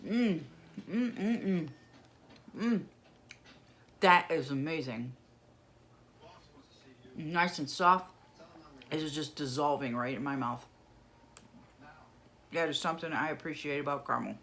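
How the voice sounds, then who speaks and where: A woman's voice: deep voice, fairly bright tone, slight background noise. A woman from New York State doing a candy taste-test vlog, savoring each bite and humming with delight. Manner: slow, savoring, lots of happy humming. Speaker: vlogger.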